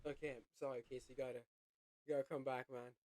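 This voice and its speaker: A man's voice: mid-range voice, flat delivery, quick pace, darkish tone. A young man hosting a reaction video, talking casually, laughing a lot, swearing freely and repeating lines back.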